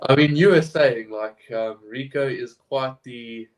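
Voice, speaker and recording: A man chatting casually as a podcast co-host, voice at an ordinary middle pitch. He talks in stop-start bursts, full of fillers and repeated words. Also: a loud crowd, poor audio. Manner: halting, many fillers and restarts. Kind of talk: casual rugby chat.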